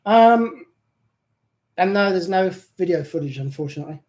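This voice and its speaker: A man's voice: high-pitched, expressive, moderate pace, darkish tone, rough recording. A man from the UK with a British accent that has picked up some Australian, joking and reading viewer comments as co-host of a live chat. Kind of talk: casual live-stream chat.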